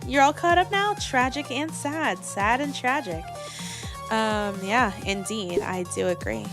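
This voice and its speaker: A woman VTuber streams casual live chat from her attic on a new studio microphone, rambling and greeting viewers by name. Her fairly high voice is animated and measured in pace, with music playing in the background.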